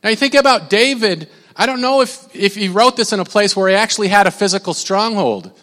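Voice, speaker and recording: High-voiced pastor preaching in a reverberant hall. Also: male voice, fairly quick, fairly bright tone. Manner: conversational and rambling, with many restarts. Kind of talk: sermon. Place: church sanctuary. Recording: long reverb of a large church hall.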